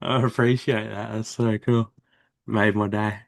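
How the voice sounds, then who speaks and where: A man's voice: fairly low pitch, flat delivery, unhurried, creaky. A man from Western Australia with an Australian accent, hosting an interview and giving brief, agreeable replies. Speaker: show host.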